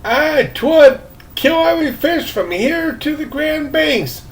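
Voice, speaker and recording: A man's voice: extremely high pitch, animated, takes it slowly, gravelly, pitched above the performer's own voice, exaggerated voice. A man voicing a frail, fussy old man who is sure he is dying, with a quavering, old-fashioned way of speaking. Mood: fretful.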